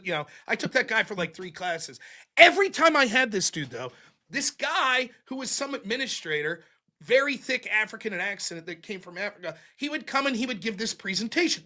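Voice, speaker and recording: High-pitched, animated male call-in host. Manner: profane, animated storytelling with mocking quoted voices. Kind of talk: casual call-in chat.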